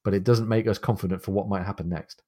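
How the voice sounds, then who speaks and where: A man's voice: fairly low pitch, steady tone, fast, warm tone. A man co-hosting a podcast about a novel. He recaps the plot in plain, easy conversation. He breaks in with short, encouraging replies while his partner talks. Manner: brief encouraging interjections, sums up the plot. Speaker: podcast co-host. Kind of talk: casual book-discussion chat.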